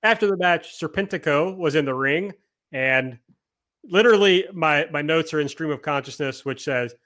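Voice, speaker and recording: A man's voice: on the high side, moderate pace, a bit bright. A man hosting a casual podcast, recapping events from his notes in a chatty, self-deprecating way. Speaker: podcast host. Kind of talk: casual chat, recapping wrestling.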